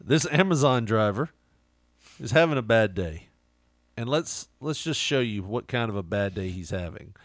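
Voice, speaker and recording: A man's voice: lowish voice, expressive, moderate pace, dry recording, studio quality. A man co-hosting a podcast in casual, profane banter, laughing often. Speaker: co-host.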